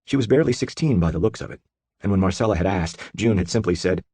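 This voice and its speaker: A man narrating an audiobook in a steady, measured storytelling voice. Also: sits low, husky, dry recording. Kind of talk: scripted narration.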